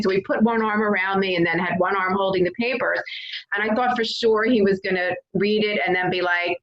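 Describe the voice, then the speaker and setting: A woman as an interview guest, candidly retelling her recovery story in an earnest, animated way with frequent fillers. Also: mid-range voice, normal speed, lo-fi sound. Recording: echoey room.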